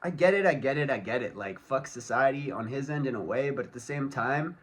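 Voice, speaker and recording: A man's voice: medium pitch, lively intonation, brisk, husky. Angry, foul-mouthed man ranting. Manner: loose, rambling delivery full of fillers. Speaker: vlogger. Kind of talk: casual solo rant to camera.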